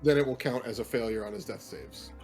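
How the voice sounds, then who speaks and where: A man's voice: medium pitch, quick pace, faint music behind. Laughing man running a tabletop game. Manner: relaxed, laughs often while ruling on dice rolls. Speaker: game master.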